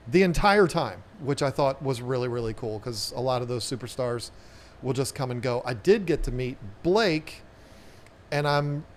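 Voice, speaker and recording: A man's voice: a little high, a little hiss or hum. A man with a Southern US accent hosting a casual live chat, rambling and repeating words as he talks. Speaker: aquarium channel host.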